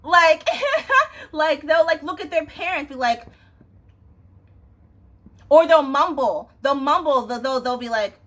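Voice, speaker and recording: A woman's voice: sits high, slow, long pauses, a bit bright. A young woman venting in a casual, exasperated rant to camera, swearing and often asking "you know what I'm saying". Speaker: vlogger.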